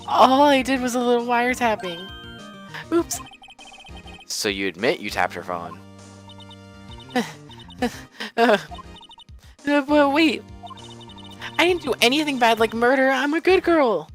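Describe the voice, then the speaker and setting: Man putting on a high squeaky voice, sly bratty young witness, sing-song whining, game voice. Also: very animated, slow pace, pauses often, fairly bright tone, faint music behind, heavily acted. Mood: flustered.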